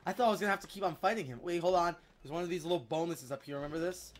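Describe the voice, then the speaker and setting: A gameplay YouTuber giving casual let's-play commentary in an excitable, chatty way, quick to exclaim. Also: mid-range voice, slight background noise.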